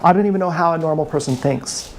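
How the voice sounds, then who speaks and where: A man's voice: fairly high pitch, fast, slight background noise. A man ranting bitterly and with contempt on a live stream, often repeating himself, filmed on an action camera. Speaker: vlogger.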